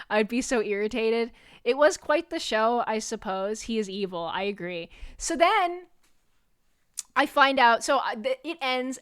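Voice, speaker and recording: A young woman streamer telling a story to her chat, animated and swearing freely as she acts out what people said. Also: fairly high pitch, smooth, no room sound, studio quality. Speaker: VTuber streamer.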